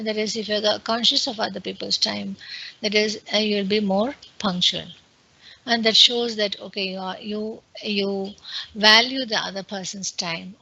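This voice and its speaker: A woman's voice: mid-range voice, gravelly, sharp tone, rough recording. A woman with an Indian English accent giving an online webinar lecture in an explanatory way, with many fillers and restarts. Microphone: computer mic on a video call.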